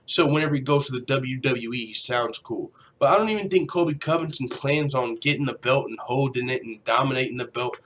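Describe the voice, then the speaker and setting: A young man who grew up in a Mexican neighborhood hosts a casual MMA livestream and reads out chat comments. His voice is a little high and a bit bright. He rambles, swears, uses slang, and puts on mock voices.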